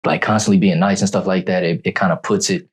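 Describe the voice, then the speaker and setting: A man co-hosts a casual podcast chat. His voice sits very low, and he feels his way through each point with fillers, restarts and pauses. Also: steady tone. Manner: halting, many fillers and restarts. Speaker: podcast co-host.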